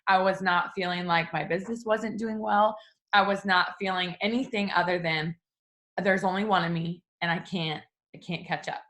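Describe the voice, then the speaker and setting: Chatty woman with a lowish voice. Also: fairly even intonation, moderate pace, a bit bright. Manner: chatty, addresses viewers directly; acts out quoted exchanges in a higher voice. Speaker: small business owner vlogger. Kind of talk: casual storytelling vlog.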